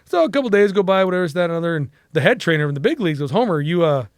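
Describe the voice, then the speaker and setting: Animated, profane storytelling man. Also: high voice, very fast, no echo, clean studio sound. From United States. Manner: animated, profane, acts out quotes. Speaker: interview guest. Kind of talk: casual storytelling interview.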